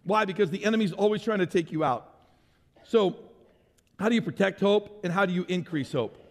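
A man preaching a sermon as pastor, animated and conversational, asking the congregation questions and making playful sound effects. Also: high voice, fairly quick, long reverb tail.

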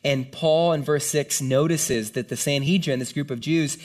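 A male pastor preaching a casual, conversational sermon, animated and talking straight to the room. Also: a little high, normal speed. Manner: conversational, animated, lots of "like" and "right?". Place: church hall with audience.

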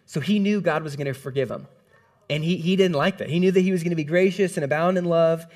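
Male preacher with a slightly high voice and a casual, conversational sermon delivery. He retells scenes with lively energy, and his pitch moves freely as he talks. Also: fast.

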